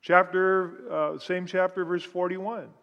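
A man's voice: high voice, little pitch movement, slow, gravelly, a bit bright, muffled recording. A man with a somewhat raised voice gives a Bible teaching from the pulpit, guiding listeners through scripture point by point. His voice carries a long reverb, as if he is in a large church sanctuary. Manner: explanatory, walks listeners through scripture step by step. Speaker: pastor teaching a Bible study. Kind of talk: sermon-style Bible teaching.

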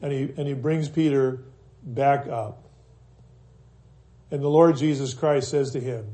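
A man's voice: mid-range voice, steady tone, measured pace, pauses often, warm tone. A man preaching a sermon in an earnest way, repeating key phrases for emphasis.

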